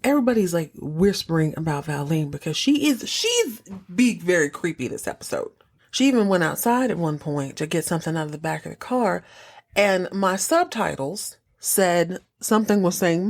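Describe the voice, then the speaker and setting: Woman podcast host recapping an episode, lowish voice that swings all over, jokey and chatty. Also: fairly quick, vocal fry. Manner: animated, jokey, acts out characters' lines. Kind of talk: casual chat recap.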